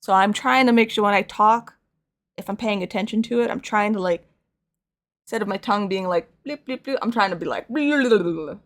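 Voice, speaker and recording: A woman's voice: medium pitch, steady tone, a little fast, fairly bright tone. A young woman with a slight lisp chatting casually with her stream audience while painting, rambling and self-deprecating.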